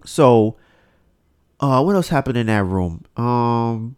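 A man's voice: medium pitch, takes it slowly, clean tone. A man hosting a podcast, talking casually and ranting animatedly about things he has seen online. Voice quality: animated, ranting, mimics others in quotes. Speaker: podcast host. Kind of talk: casual opinion monologue.

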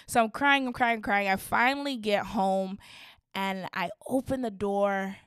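Young woman, podcast host, slow animated storyteller, dry close sound. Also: medium pitch, smooth, no echo. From Canada. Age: young adult. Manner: animated, swings from hushed to shrieking; laughs through her own story. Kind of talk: casual storytelling.

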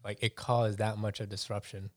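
Rambling low-voiced man in casual chat. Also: flat delivery, moderate pace, dry recording, clean studio sound. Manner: rambling, hedging, profane storyteller.

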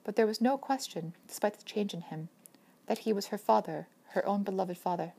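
A woman narrating a novel chapter in an expressive storytelling manner. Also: mid-range voice, a little fast, vocal fry, breathy edge. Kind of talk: audiobook narration.

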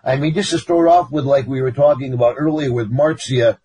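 A male host runs a casual interview, chatting and prompting his guest with questions. His voice is husky and rough. He sits at a middling pitch. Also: fairly quick, mellow. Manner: chatty, lots of fillers and prompts.

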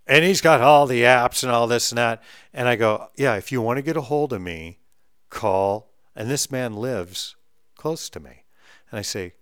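A middle-aged man ranting bluntly and with profanity, swinging between loud outbursts and low mutters. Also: no room sound, studio quality. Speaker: vlogger ranting on camera. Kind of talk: heated monologue rant.

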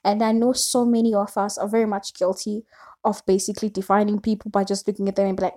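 A woman's voice: medium pitch, little pitch movement, fast, warm tone. A young woman talking casually to her camera at home, rambling on with lots of fillers. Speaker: vlogger.

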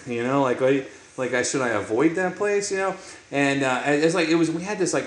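A man's voice: fairly high pitch, lively intonation. A man hosting a podcast, talking in casual chat with lots of stops and restarts. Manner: halting, many restarts, laughs a lot. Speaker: podcast host. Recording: echoey room with faint noise.

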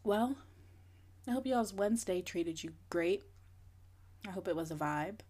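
A woman's voice: mid-range voice, animated, measured pace, a little mellow. A woman in her twenties co-hosting a podcast, chatting in a laid-back way and laughing easily. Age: 20s. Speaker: podcast co-host. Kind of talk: casual chat.

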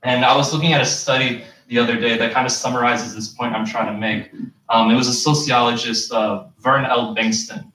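A young man delivers a sermon in a plain mid-pitched voice, earnest and patient, stopping often to ask the listeners questions. He sounds set back from the mic. His words ring through a large, echoing prayer hall. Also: steady tone, fairly quick, sharp tone. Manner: earnest, explains step by step with rhetorical questions. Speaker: Friday sermon speaker. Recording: echoey hall, distant mic.

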